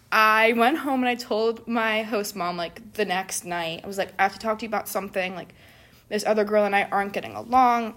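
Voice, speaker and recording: A young woman in casual conversation, telling a story in an animated way and acting out what people said, with many "like"s. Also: mid-range voice. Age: young adult. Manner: animated, acts out quoted people, says "like" often. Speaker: guest telling a study-abroad story.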